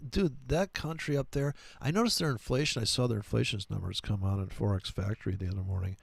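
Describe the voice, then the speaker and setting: This man hosts a trading livestream and goes on a crude, mocking, profane political rant that rambles along. His voice is medium-pitched and creaky with no echo, and he puts on silly voices when he quotes people.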